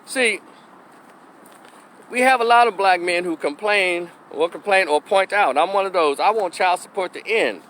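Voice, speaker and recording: Blunt, bright-voiced middle-aged man ranting. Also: high voice, normal speed. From Memphis, Tennessee. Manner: blunt, opinionated, acts out quoted voices. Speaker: opinion commentator. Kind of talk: opinion monologue vlog.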